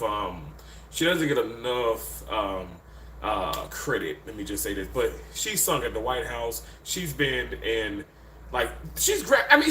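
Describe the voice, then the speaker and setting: Southern man, live-stream host, bright voice, swooping up and down, echoey hotel room. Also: medium pitch, slight background noise. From Mississippi. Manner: chatty, animated, rambling with many fillers. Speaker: livestream host. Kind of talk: casual live-stream chat reading viewer comments.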